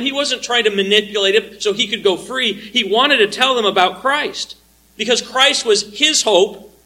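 A man delivers an expository sermon in a high, brilliantly bright voice. He speaks earnestly and deliberately, rising on his emphatic points and dropping low as he drives each thought home. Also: poor audio. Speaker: preacher. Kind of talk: expository sermon with scripture reading.

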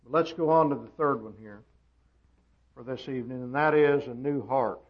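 A man preaching a sermon, swinging from loud emphatic peaks down to quiet asides. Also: normal speed. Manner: emphatic, rising to loud high peaks then dropping quiet. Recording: dull lo-fi sermon recording.

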